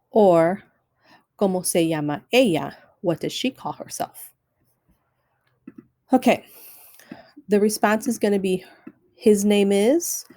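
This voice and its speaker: A woman records a classroom lesson for her students, walking them through each step and repeating instructions so nobody falls behind. Her voice sits a little low and sounds mellow and relaxed rather than bright. She speaks in an instructional way throughout. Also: no room sound, poor audio. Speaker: Spanish teacher. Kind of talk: recorded screen-share lesson.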